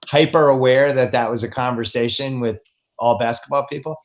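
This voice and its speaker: A man's voice: medium pitch, fairly even intonation, normal speed. Male podcast host, casual basketball chat, teasing, steers the talk.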